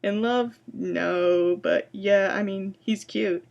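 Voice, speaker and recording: A woman's voice: mid-range voice, steady tone, takes it slowly, creaky, darkish tone, muffled recording. A woman voicing a blunt, sarcastic teenage girl who talks in an offhand, casual way.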